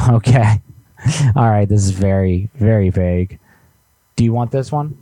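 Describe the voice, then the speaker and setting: A man's voice: fairly low pitch, unhurried, mellow, dry recording. A man hosting a live prank call show, rambling and teasing his co-host in a joking way. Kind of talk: casual live-stream banter.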